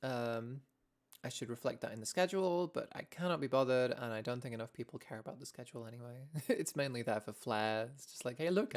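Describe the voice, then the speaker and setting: A young English woman streaming a casual chat, rambling and self-deprecating, laughing often as she talks to her viewers. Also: extremely low pitch. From England.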